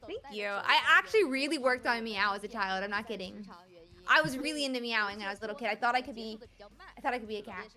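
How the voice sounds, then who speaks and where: A woman's voice: fairly high pitch, lively intonation, fast, sharp tone. A woman from the southern United States, chatting casually as a live tournament commentator in a playful, self-deprecating way. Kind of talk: casual live-stream chat.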